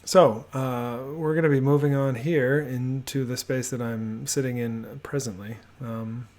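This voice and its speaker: A man giving a relaxed, rambling voiceover house tour from his home office, with many fillers and restarts. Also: medium pitch, measured pace. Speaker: homebuilding vlogger.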